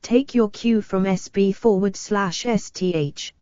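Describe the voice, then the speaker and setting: A woman reading dictionary entries aloud in a flat, literal way, speaking each symbol and abbreviation. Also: medium pitch, measured pace, dry recording, dull audio.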